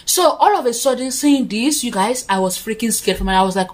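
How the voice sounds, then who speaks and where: A woman's voice: a little high, animated, brisk. Chatty woman telling a story. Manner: chatty, dramatic storytelling with frequent asides to viewers; doing her makeup while talking. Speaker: vlogger. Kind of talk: casual storytime. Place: her own room, indoors.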